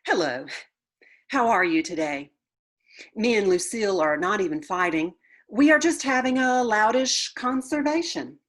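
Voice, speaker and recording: A woman voicing a bubbly, bossy little kindergarten girl who talks loudly and mangles big words in a children's book read-aloud. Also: medium pitch, animated, measured pace, voice pushed up. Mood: chatty.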